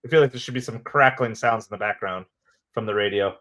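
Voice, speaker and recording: Hosting a live baseball watch-party stream, this man serves as commentator and chats casually with viewers, upbeat and laughing often. He talks fast in a fairly low, fairly bright voice.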